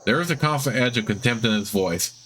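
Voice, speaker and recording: A man hosting a let's play, reading the game text aloud in a plain, even way with offhand asides. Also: medium pitch, a little fast, slight background noise.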